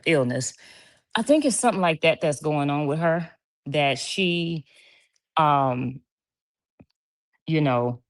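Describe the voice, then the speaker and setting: A woman hosting a casual livestream from home, reading viewers' comments aloud, chatty and laughing often. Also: low voice. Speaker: livestream host.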